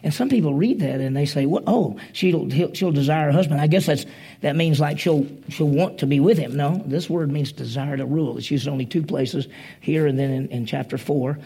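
Gravelly-voiced man preaching a sermon. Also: fairly high pitch, fairly quick, dark tone. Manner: conversational storytelling, acts out quoted voices.

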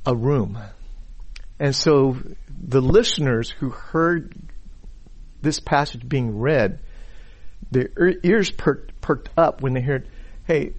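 Male preacher at a middle pitch, teaching scripture in a halting way that keeps repeating itself. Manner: many repeated words and restarts, stressed key words. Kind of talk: sermon-style Bible teaching. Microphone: uses a pointer and slides.

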